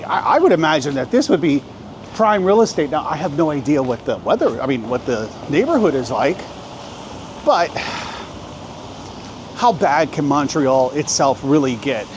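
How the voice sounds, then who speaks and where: A man's voice: a little high, darkish tone. Chatty man vlogging on city streets. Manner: chatty, joking, thinking aloud. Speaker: travel vlogger. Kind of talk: casual walking vlog. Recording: outdoor street noise. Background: street and traffic noise.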